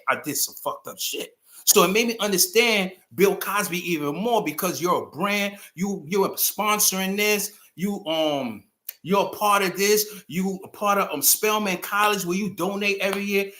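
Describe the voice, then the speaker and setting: Guy going off on a rant, kinda high voice, punchy and intense, swears a lot. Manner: emphatic, blunt, swearing, rising to shouts. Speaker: host. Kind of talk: animated commentary monologue.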